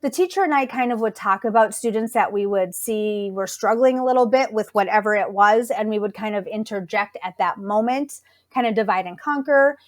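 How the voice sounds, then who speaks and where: A woman school librarian talking through a classroom lesson in a relaxed interview, thoughtful and enthusiastic. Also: medium pitch, fairly quick. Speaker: school librarian, podcast guest. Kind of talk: conversational interview.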